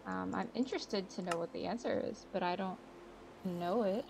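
A woman's voice: mid-range voice, normal speed, vocal fry, background noise. A woman hosting a gaming channel, chatting casually and thinking aloud as she plays, poking fun at her own guesses. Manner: chatty, self-mocking, thinks aloud while playing. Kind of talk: casual gameplay commentary. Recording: game music behind voice.

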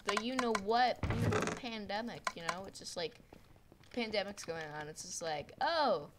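A teenage girl at home giving rambling, excitable commentary over her gameplay on a desktop mic, full of "like" fillers. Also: mid-range voice, fairly quick, noisy background. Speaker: gaming video creator. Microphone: desktop microphone.

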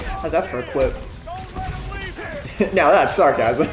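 A young man streaming a video game, chatting casually, swearing often and laughing as he reacts loudly to the action. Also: on the high side, slow pace. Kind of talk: casual gameplay commentary. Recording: echoey room with game music.

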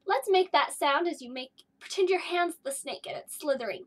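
A woman's voice: high voice, expressive, fairly quick, hardly any pauses. A woman teaching a kindergarten phonics lesson, storytelling in a sing-song way and stretching out letter sounds for young children.

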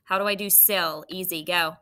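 An adult woman teacher giving a recorded phonics lesson, dictating slowly and prompting students with questions. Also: lowish voice, steady tone, sharp tone.

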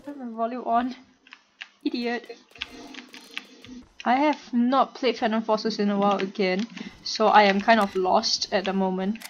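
A woman with a stuffy nose and a slight cough talks through her gameplay in a chatty, excitable way, laughing often. Her voice sits a little high. The recording is dull and lo-fi, with a faint hiss underneath. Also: unhurried, long pauses. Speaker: gamer and streamer. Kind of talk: casual gameplay commentary.

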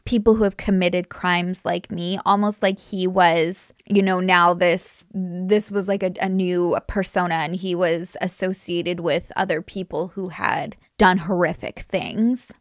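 A woman hosts a casual true crime commentary, rambling with many restarts. Her voice has a gravelly vocal fry, and the recording is dry and close. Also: on the low side, steady tone, unhurried, hardly any pauses, dry recording. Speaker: true crime YouTuber host.

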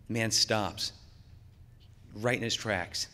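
Brief: middle-aged male keynote speaker, mid pitch, folksy and energetic, long hall reverb. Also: normal speed. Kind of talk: conference keynote talk. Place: conference hall.

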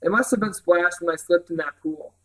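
A man's voice: sits high, brisk, fairly bright tone, low-quality recording. A man reading aloud, voicing a confident, slightly smug older brother. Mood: disappointed.

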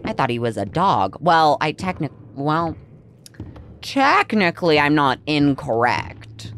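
With faint music behind her, a woman speaks in a low, sing-song, slow and fairly bright voice while playing a horror game for her gaming channel. In this let's-play commentary she chats away, talks to the game's characters and reacts with easy surprise.

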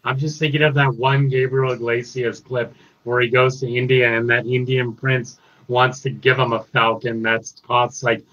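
A man's voice: mid-range voice, little pitch movement, moderate pace, few pauses, fairly bright tone. A man hosting a casual review chat, recapping scenes in a loose, filler-heavy way. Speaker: host reviewing a cartoon episode. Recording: dull lo-fi audio.

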